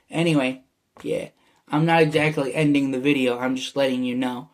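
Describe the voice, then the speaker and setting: A man's voice: mid-range voice, fairly even intonation, moderate pace. A young man from Michigan with a Michigan accent, rambling casually to his vlog viewers with many fillers. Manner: meandering, full of fillers and restarts. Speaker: YouTuber.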